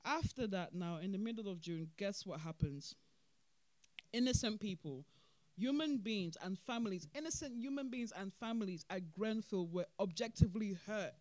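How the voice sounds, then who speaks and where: Casual commentary, animated and laughing, emphatic repeats, dry close recording. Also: mid-range voice, brisk, no echo. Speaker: podcast host.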